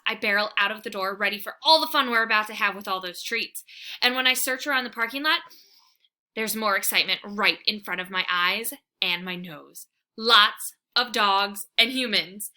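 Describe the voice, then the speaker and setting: A woman reading a children's book aloud in an expressive, animated way. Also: medium pitch. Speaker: read-aloud storyteller.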